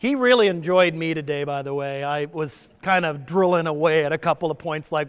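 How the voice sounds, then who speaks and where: A man's voice: on the high side, fairly quick, few pauses, clean tone. A middle-aged man giving a joking conference talk as a presenter, often asking the audience questions. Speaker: presenter at a stress summit. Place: resort conference room. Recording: long reverb of a conference hall.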